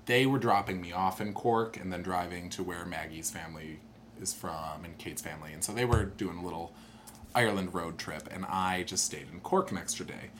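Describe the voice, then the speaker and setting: A young man tells a long personal story in casual conversation, speaking at a normal speed and staying animated, with his voice jumping higher whenever he quotes someone. A slight hiss or hum can be heard.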